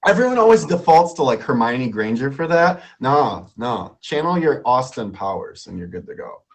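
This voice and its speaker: A man's voice: medium pitch, sing-song, normal speed. A man hosting a live stream quiz in a playful way, laughing often and repeating himself.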